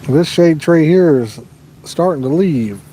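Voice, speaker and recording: A man's voice: on the high side, expressive, measured pace, warm tone, a little hiss or hum. A Midwestern American man hosting a fishing livestream outdoors by a lake, chatting casually and answering viewers' questions. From Midwest USA.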